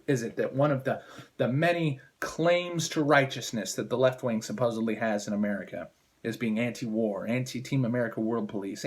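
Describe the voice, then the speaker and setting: A man holds forth in an angry political rant at a mid-range pitch. He swears freely and sounds heated and contemptuous, piling up insults as he goes. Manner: profane, heated, contemptuous ranting. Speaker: political commentator.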